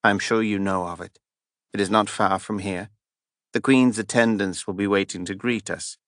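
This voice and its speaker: A man's voice: fairly low pitch, normal speed, no echo, studio quality, natural voice. A man voicing an earnest loyal little servant. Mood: steady. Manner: earnest, steady, persuasive. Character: small, clever, loyal male servant, calm.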